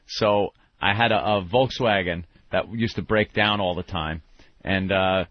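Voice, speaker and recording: A man's voice: deep voice, a little slow. A man hosting a radio show, telling a rambling, profane story about his past in casual talk. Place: radio studio. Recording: dull lo-fi radio broadcast.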